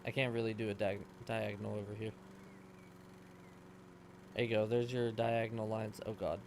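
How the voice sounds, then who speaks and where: A man's voice: on the low side, level tone, moderate pace, creaky, slight background noise. A man streaming himself playing a game, chatting casually and rambling in answer to his chat. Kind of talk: casual gameplay commentary.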